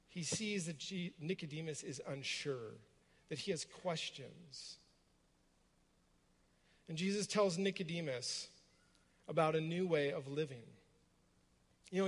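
A man with a somewhat high voice delivers a sermon, walking his listeners through the story and pausing on rhetorical questions. His voice rings out with a long reverb, as in a large hall. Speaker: preacher. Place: room with a gathered congregation.

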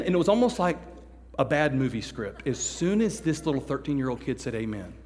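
Guy preaching storytime sermon, kinda high voice, big echoey church, acts out all the voices. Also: slight background noise. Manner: animated, acts out voices, swings from hushed to loud. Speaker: youth pastor. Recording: long echo of a large hall.

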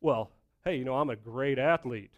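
A man voicing a cocky young male athlete in a sermon illustration, smooth and self-assured. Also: medium pitch, moderate pace, muffled recording, lightly acted. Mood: confident.

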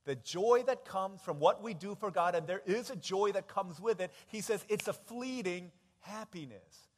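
A male pastor preaching in a church sanctuary, with a fairly high voice. He tells stories with animated energy, acting out the people in them and dropping from loud to hushed. The sound carries the long reverb of a big hall. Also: normal speed. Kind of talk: sermon.

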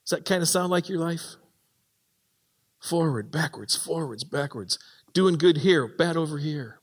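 A man preaching a sermon in a church, animated and acting out the voices he quotes. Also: fairly high pitch, measured pace, breathy edge. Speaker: pastor. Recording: long hall reverb.

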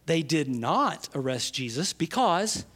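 A man preaching a sermon, stressing key phrases with slow, drawn-out words and swinging from loud to hushed. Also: a little high, sing-song. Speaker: pastor.

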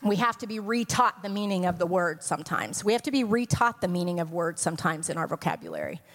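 A woman's voice: fairly low pitch, sing-song, quick pace. A middle-aged woman, a former career military officer, giving an earnest, conversational sermon full of rhetorical questions. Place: church hall. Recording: long hall reverb.

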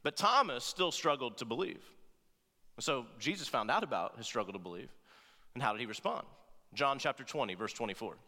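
A man's voice: mid-range voice, lively intonation, fairly quick, sharp tone. A man preaching a sermon as pastor, talking conversationally and often checking in with "right?" and playful asides. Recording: long reverb of a large hall.

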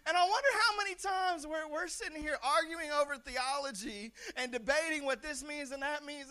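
A young man preaching a sermon in a church, talking conversationally, stumbling over repeated words and now and then shouting lines for emphasis. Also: very high voice, a little fast, hardly any pauses. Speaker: pastor.

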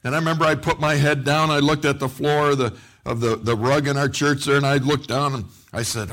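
Man, middle-aged pastor, sermon, animated storytelling, acts out quotes, repeats words. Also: medium pitch, a little fast. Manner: repeats words and restarts often.

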